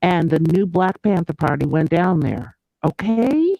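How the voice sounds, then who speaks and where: A woman calling in as a livestream guest, speaking earnestly in a halting way and often repeating words. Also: on the low side, sing-song, creaky, warm tone, dry recording, poor audio. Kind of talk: casual conversation.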